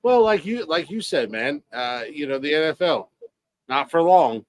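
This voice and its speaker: A man on a podcast vents about sports in a profane, heated way, tripping over repeated restarts. His voice sits a bit high. The sound is dry and close. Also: lively intonation, moderate pace, no room sound. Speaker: podcast co-host. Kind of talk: casual sports chat.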